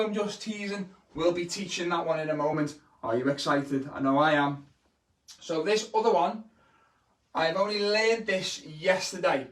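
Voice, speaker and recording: Man, kids' entertainer, playful and over the top, high-pitched, roomy echo. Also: fairly even intonation, normal speed. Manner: bouncy, exaggerated, playfully teasing the young audience. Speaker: children's entertainer and magician. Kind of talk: live-streamed magic lesson for kids. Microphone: camera held by his wife. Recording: echoey room, voice from the camera's distance.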